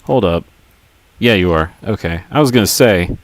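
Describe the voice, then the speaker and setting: A man's voice: sits low, lively intonation, moderate pace, dry recording. A man livestreaming a game, chatting casually in a goofy, rambling, self-mocking way. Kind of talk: casual gaming commentary.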